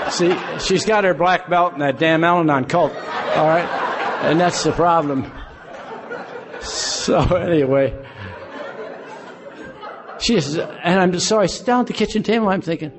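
A man's voice: on the high side, measured pace, pauses often, a crowd in the background, noisy background. Older man telling a self-mocking story. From Illinois. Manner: folksy, self-mocking, acts out both sides of dialogues. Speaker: recovery meeting speaker. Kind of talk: storytelling talk to a group.

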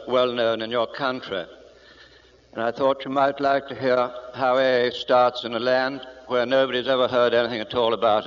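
An Irish man with a faintly English polish gives a talk to a big gathering, full of dry, self-mocking asides. The old recording is muffled and a long reverb from the hall trails his words. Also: mid-range voice. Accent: Irish with English-sounding speech. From Ireland. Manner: dry self-deprecating humor, anecdotal. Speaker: guest speaker. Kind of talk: public talk to a meeting. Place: large meeting hall.

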